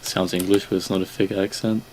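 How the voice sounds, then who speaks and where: Laid-back Australian young man, lowish voice. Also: little pitch movement, fairly quick, a little mellow, slight background noise. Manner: laid-back, chatty, swears casually. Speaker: streamer playing a game. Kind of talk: casual gameplay chat with viewers.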